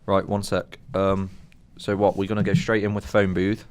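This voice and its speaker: A man's voice: low-pitched, little pitch movement, normal speed, clean tone. A young man co-hosting a podcast, joking and sorting out the running order in casual chat. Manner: joking, organizing. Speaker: podcast co-host. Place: small room.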